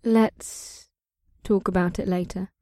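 A man voicing a teasing, purring horned young woman with red skin in an audiobook, his voice raised high and playful. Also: flat delivery, slow pace, darkish tone, no room sound, studio quality. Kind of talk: audiobook character voice.

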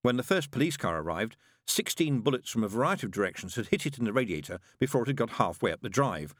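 Male audiobook narrator, dry and expressive, studio-close. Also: medium pitch, quick pace, no room sound.

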